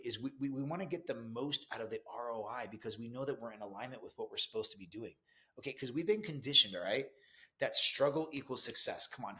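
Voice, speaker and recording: A middle-aged man gives a motivational talk as a business coach. His delivery is earnest and emphatic but stays conversational. His voice sits at an ordinary, mid pitch for a man. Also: pushed and bright.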